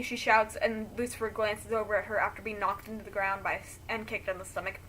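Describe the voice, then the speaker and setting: A woman's voice: mid-range voice, steady tone, a little fast, few pauses, a bit bright. A woman reading a friend's story aloud, breaking off to react emotionally.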